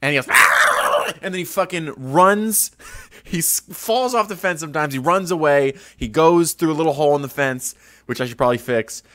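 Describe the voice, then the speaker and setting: A man's voice: on the high side, a little fast, a bit bright, dry recording. A young man hosting a podcast from his home studio, telling rambling stories with crude, self-mocking jokes. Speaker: podcast host. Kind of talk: casual rambling monologue.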